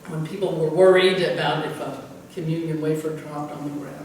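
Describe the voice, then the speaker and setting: A woman's voice: low voice, fairly even intonation, moderate pace, a little mellow. Older woman pastor, echoey and distant. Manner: chuckling, rambling, full of fillers. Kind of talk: anecdotal storytelling in conversation. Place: church hall. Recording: echoey hall from far off with faint noise.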